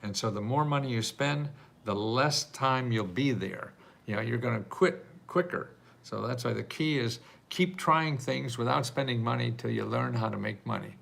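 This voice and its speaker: Gravelly older man chatting on a livestream. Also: medium pitch, moderate pace, fairly bright tone. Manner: chatty, rambling, laughs often. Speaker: livestream host answering viewer questions about grants. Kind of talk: casual live Q&A.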